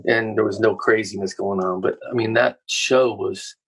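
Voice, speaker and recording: A musician in his fifties, a guest on a podcast, calmly recalls old shows in a casual chat. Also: lowish voice, normal speed, breathy edge. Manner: relaxed, reminiscing.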